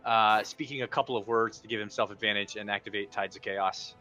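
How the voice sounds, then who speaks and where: A man's voice: lowish voice, fairly even intonation, a little fast, sharp tone, soft background music. A man playing a tabletop game, describing his character's actions in detail. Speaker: player. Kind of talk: casual tabletop game chat.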